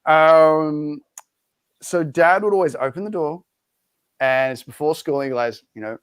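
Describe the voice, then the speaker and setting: An Australian man, an actor guest, chatting casually on a podcast, laughing often and telling stories with lively energy. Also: a little high, a little slow, smooth, dry recording.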